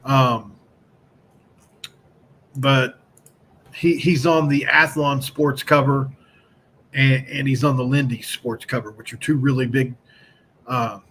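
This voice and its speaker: A man's voice: medium pitch, fairly even intonation, slow pace, pauses often, fairly bright tone, slight background noise. A man hosting a casual live-streamed sports talk show, speaking in a loose, rambling way and greeting chat viewers by name.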